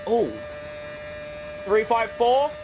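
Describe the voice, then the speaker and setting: A man's voice: extremely high pitch, extremely slow, background noise. A young British man chatting casually to himself and his viewers while playing a racing game, slangy and self-mocking. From Britain. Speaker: game streamer. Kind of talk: casual gameplay commentary.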